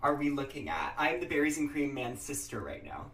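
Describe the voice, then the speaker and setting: A woman's voice: a bass voice, sing-song, a little fast, a bit bright. A woman talking straight to camera in an upbeat vlog style, bubbly and sing-song with chirpy sign-offs. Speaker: social media video creator.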